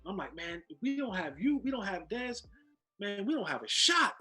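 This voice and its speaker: A man's voice: high voice, big pitch swings, normal speed, sharp tone, faint music behind. A man, a former football player, telling a long story as a guest in casual chat, restarting and repeating words as he goes.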